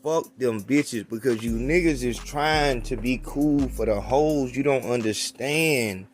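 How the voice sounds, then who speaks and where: A man's voice: mid-range voice, slow, a little hiss or hum. A man on a podcast bluntly lecturing young listeners in profane, casual talk. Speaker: podcast host. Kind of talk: casual advice-giving commentary. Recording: faint music underneath.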